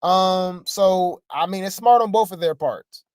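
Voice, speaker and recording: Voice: mid-range voice, measured pace, a little mellow, no echo, studio quality. A gossip commentary host talking casually and rambling, with many fillers. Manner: rambling, lots of fillers and restarts.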